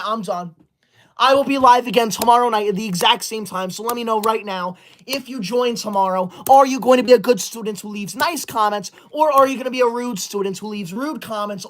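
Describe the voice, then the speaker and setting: A man voicing a prissy, self-righteous schoolboy livestreamer and teacher's pet, scolding and banning his viewers with quick outrage in a comedy sketch. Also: high voice, fairly bright tone. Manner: indignant, scolding, easily outraged.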